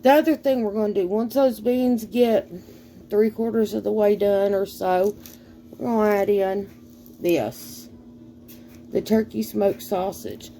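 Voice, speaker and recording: Slow-talking Southern woman, folksy. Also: medium pitch, fairly even intonation, mellow, slight background noise. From American South. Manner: slow, folksy, rambling with fillers and sighs. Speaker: cooking vlogger. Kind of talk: casual cooking chat.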